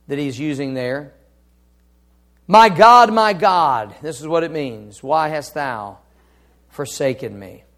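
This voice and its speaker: A man delivers a sermon in a notably high-pitched voice. He teaches emphatically, repeating phrases, and swings between hushed, quiet stretches and loud, impassioned climaxes. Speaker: preacher.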